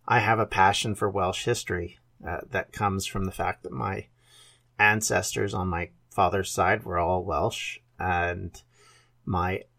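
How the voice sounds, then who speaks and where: A man's voice: lowish voice, vocal fry. A Canadian man in his fifties, hosting a podcast and talking about himself in an earnest, rambling way with self-corrections. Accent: Canadian English. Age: 50s. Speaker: podcast host. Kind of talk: casual podcast introduction.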